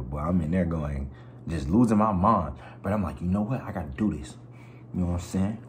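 A young man vlogging, telling a story in a slangy, expressive way and acting out other people's voices and sounds. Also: sits low, slight background noise. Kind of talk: animated storytelling.

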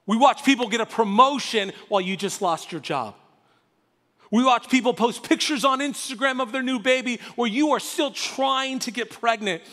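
A male pastor preaching a sermon, animated and emphatic, with dramatic pauses. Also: very high voice. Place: church sanctuary. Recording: reverberant church hall.

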